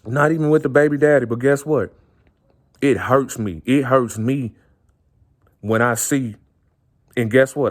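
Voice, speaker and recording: An earnest man talks straight to the camera in a heartfelt monologue. He keeps circling back over his own phrases, repeating them for weight, with a voice of middling pitch. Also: a little slow, pauses often. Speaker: vlogger. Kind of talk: impassioned personal monologue.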